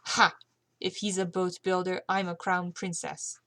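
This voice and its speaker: A woman's voice: lowish voice, little pitch movement, a little slow, sharp tone, dry recording. A woman putting on a French-accented frightened lady. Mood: scornful. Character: frightened woman from France, spirited and blunt.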